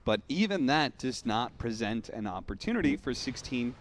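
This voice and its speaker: A man casting an esports match, with lively play-by-play and wry banter with his co-caster. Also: medium pitch, normal speed, a little hiss or hum. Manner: lively, bursts into hype on big plays, wry banter. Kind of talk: play-by-play commentary.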